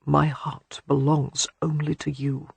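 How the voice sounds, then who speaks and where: A narrator giving voice to a gentle young man in love, murmuring in a hushed, low, breathy voice close to the mic. His husky softness stays intimate and unhurried, a romance reading with a dry, close sound. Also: no echo. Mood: tender murmur. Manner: soft, murmured, low delivery.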